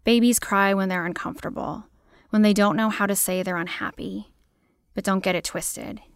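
A woman poet reading her own poems aloud in a measured, deliberate way. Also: mid-range voice, fairly even intonation, creaky, clean tone, no room sound, clean studio sound. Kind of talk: poetry reading.

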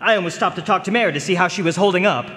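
A man plays a lovestruck young suitor who stammers when flustered. His voice is high and bright, with a roomy reverb. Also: racing. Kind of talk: radio drama acting.

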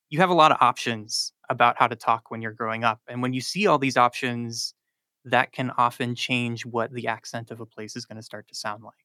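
Guy from north carolina explaining linguistics on the radio, bright crisp voice, says like a lot, super dry mic. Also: medium pitch, no room sound. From South Charlotte, North Carolina. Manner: explanatory, fluent with frequent "like" and "um". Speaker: linguistics professor, guest. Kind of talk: radio interview answers.

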